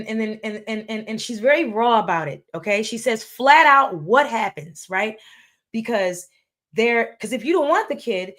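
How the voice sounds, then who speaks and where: A woman doing casual live-stream commentary, talking emphatically, repeating phrases and slipping into preachy asides. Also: fairly high pitch. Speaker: livestream commentator. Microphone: streaming setup.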